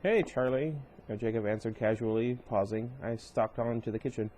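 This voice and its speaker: A man's voice: mid-range voice, moderate pace, darkish tone, a little hiss or hum, rough recording. A man reading a novel aloud in a casual way, stopping now and then to comment and correct himself. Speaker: reader of a novel. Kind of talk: casual read-aloud with asides.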